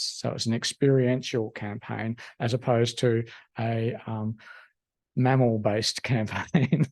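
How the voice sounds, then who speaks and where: A man giving a university lecture, halting and full of ums. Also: medium pitch. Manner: halting, lots of ums and restarts. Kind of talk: academic lecture.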